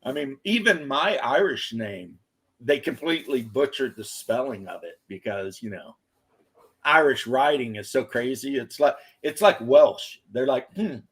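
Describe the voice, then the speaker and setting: Man telling stories in lively voices. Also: medium pitch, measured pace, husky. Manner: animated storyteller acting out quoted voices. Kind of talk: casual chat.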